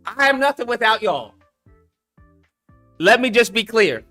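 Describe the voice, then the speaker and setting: A man's voice: very high voice, sing-song, a little slow, pushed and bright, soft background music. A man hosting a live call-in stream, blunt and emphatic, slangy, repeating his points for effect. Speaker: livestream host. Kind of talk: casual commentary with callers.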